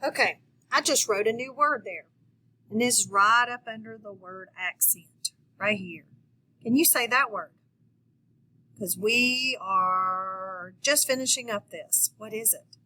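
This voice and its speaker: A woman's voice: medium pitch, bright, forceful tone, poor audio. A woman teaching a phonics lesson to children, speaking patiently and encouraging her viewers to answer. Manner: slow, patient, encouraging, talks to viewers directly.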